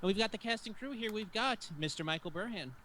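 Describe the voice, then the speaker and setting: A man's voice: sits high, animated, fast, sharp tone, slight background noise, low-quality recording. A man hosting a casual podcast chat who rambles and corrects himself as he goes. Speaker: host.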